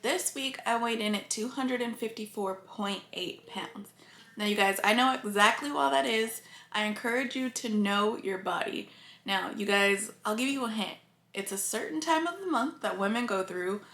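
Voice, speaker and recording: A woman's voice: a little high, normal speed, a bit bright. A woman vlogger talking earnestly and openly to her viewers, emotional and close to tears. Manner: earnest and confiding, addresses viewers often. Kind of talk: casual talk to camera. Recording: echoey room.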